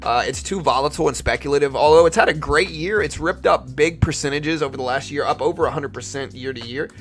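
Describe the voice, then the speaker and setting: Young male stream host, light Louisiana accent, raspy fry, easygoing and chatty. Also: a little high, fast talker, soft background music. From Louisiana, USA. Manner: relaxed, conversational, answers chat questions. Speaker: livestream trading host. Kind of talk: casual live-stream commentary.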